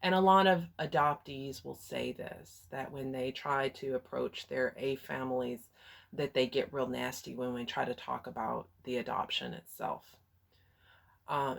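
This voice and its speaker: A woman's voice: extremely low pitch, fairly even intonation, moderate pace, vocal fry. A woman from Texas with a Texas accent, telling a personal story in a frank, candid way with some hesitations. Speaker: vlogger and life coach.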